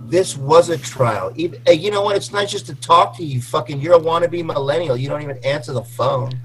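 A man in his forties, slightly tipsy, rambling excitably and swearing through a casual chat. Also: a little high, a little fast, slight background noise, low-quality recording. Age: 40s. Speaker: guest on a call.

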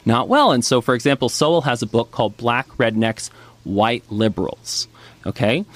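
Chatty man explaining with lots of "right?". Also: mid-range voice. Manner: animated storyteller, frequent "right?" and "you know". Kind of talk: casual explanatory chat.

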